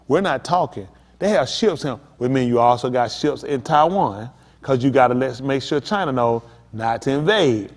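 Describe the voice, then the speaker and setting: A man's voice: medium pitch, expressive, normal speed. A male pastor preaching a sermon, talking straight to the congregation with emphatic, pressing questions. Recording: long hall reverb.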